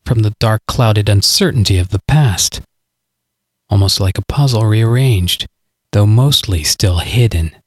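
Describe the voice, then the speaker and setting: A man reading a scripted story aloud, measured and dramatic. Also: on the low side, darkish tone, breathy edge, dry recording, studio quality. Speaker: narrator.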